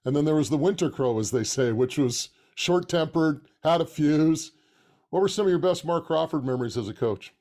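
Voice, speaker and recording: A man's voice: on the high side, expressive, moderate pace, darkish tone. A man hosting a sports talk show, setting up his questions with backstory in a conversational way. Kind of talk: interview questions.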